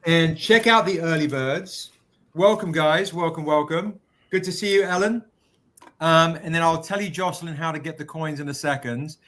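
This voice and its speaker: A man's voice: a little high, moderate pace, a bit bright. Chatty man hosting a livestream. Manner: chatty, greets viewers by name. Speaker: livestream host. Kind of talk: casual livestream product pitch.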